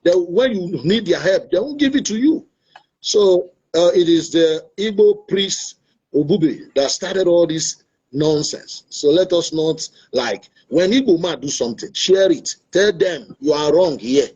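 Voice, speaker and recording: A man's voice: high voice, lively intonation, measured pace, a little mellow, slightly rough. A Nigerian man hosting an online talk show, earnest and preachy, repeating his points. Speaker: show host. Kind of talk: opinionated talk-show monologue. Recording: dull lo-fi online stream audio.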